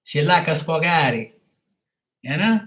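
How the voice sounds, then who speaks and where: A man's voice: fairly high pitch, lively intonation, unhurried, bright, forceful tone. A man doing a boastful Italian pizza cook. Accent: put-on Italian. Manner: jokey, broken English, asks "huh?".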